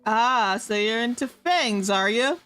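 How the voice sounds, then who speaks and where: Woman streamer goofing through a fantasy role-play, kinda high voice, laughs a lot, faint music playing. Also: lively intonation, slow, a bit bright. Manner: giggly, stumbles over made-up names. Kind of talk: playful improvised role-play.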